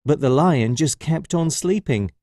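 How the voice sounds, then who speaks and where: A man reading a children's story aloud, slowly and expressively. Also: fairly high pitch, no room sound, clean studio sound. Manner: slow and expressive.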